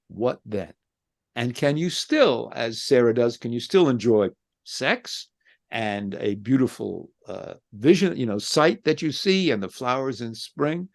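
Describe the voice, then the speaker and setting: A man's voice: mid-range voice, creaky. A man who is a philosophy professor and author, answering an interview with impassioned rhetorical questions. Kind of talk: interview answer, reflective monologue.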